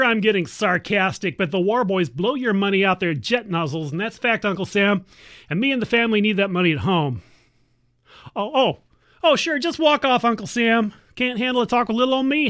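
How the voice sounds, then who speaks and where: A woman playing an exasperated family member who scolds her warmongering uncle in a sarcastic, nagging, teasing radio sketch. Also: mid-range voice, natural voice. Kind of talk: satirical radio monologue.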